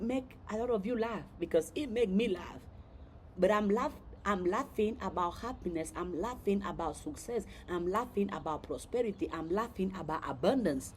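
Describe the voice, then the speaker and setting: A woman talks casually to her viewers in a playful, joking tone, repeating herself as she goes. Her voice sits at a middle pitch. A faint hiss stays in the background. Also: a little mellow. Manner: playful, laughs at her own jokes, repeats words. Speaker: host. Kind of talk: casual motivational talk to viewers.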